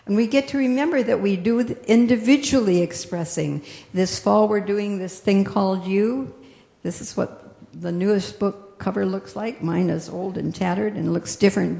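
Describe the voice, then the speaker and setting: A woman minister giving a gentle, reflective sermon that slows down on its key phrases. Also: mid-range voice, creaky. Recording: echoey hall with long reverb.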